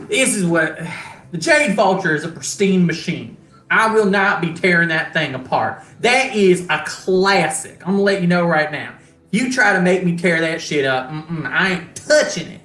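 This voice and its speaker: Brief: performer putting on a crude, gruff male mechanic, bright edge, roomy echo. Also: medium pitch, lively intonation, moderate pace, close to an everyday voice. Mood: indignant. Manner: blunt, profane, folksy grammar. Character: gruff crude male starship mechanic, fiercely protective of a classic ship. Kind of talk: tabletop role-play, game master voicing a character.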